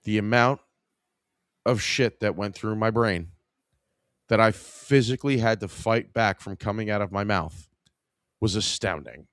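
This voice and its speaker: A man's voice: fairly low pitch, a little slow, long pauses, fairly bright tone, no room sound, clean studio sound. A man hosting a podcast, telling a story in a casual, profane, exasperated way. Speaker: podcast host.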